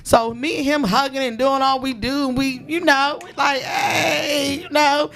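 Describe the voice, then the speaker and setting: A woman with a Washington, D.C. accent hosts a podcast, telling a story in loud, profane, animated chat and laughing often. Her voice is high-pitched and her speed normal.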